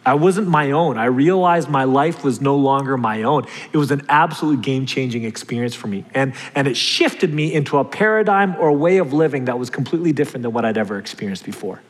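A man's voice: mid-range voice, fairly quick, hardly any pauses. A middle-aged man, a pastor, giving a sermon full of personal stories, told in a casual, self-deprecating way. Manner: conversational, self-deprecating storytelling with laughs. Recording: long hall reverb.

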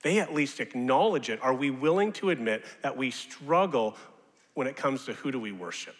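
A man preaching a sermon as pastor, animated and rising now and then to loud mocking shouts. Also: medium pitch, normal speed. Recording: long reverb of a large hall.

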